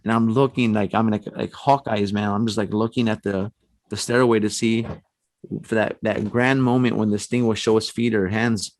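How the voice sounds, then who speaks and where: A lower-pitched man tells a story in a casual, rambling way and leans on fillers as he goes. The recording is dry and close, with no room sound. He sounds like a podcast guest talking into a studio mic. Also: steady tone, moderate pace, dry recording. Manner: rambling, filler-heavy telling with many "you know" and "like". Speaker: podcast guest, paranormal investigator.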